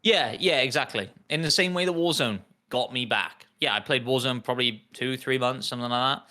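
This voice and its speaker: A quick, bright male voice in casual podcast chat. He fires off questions and chats along with his co-hosts. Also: mid-range voice.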